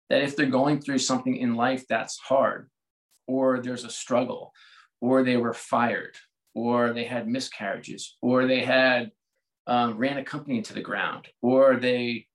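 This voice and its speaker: The audio is poor, carrying a medium-pitched male voice. He is an American sports executive in his forties, a guest in a conversational interview who talks candidly and thoughtfully and frequently restarts sentences.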